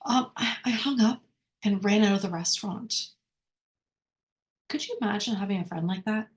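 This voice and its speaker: A woman leading a workshop lesson, talking conversationally, often checking in with "right?" and correcting herself as she goes. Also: medium pitch. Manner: rambling with frequent self-corrections. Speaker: workshop speaker. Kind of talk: informal teaching talk.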